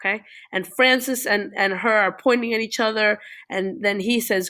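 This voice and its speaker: A woman's voice: mid-range voice, fairly even intonation, moderate pace, few pauses, bright, forceful tone. Woman teacher retelling a chapter. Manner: casual retelling, frequent "okay?" and "all right?" check-ins. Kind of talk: classroom reading review.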